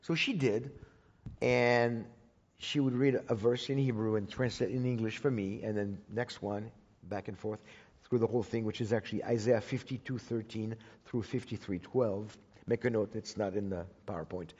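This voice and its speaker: A man's voice: fairly low pitch, fairly even intonation, moderate pace, darkish tone, breathy edge. A man giving a sermon as a personal story, talking conversationally with frequent restarts and repeated words. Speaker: Bible teacher speaking to a congregation. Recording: dull recording with long hall reverb.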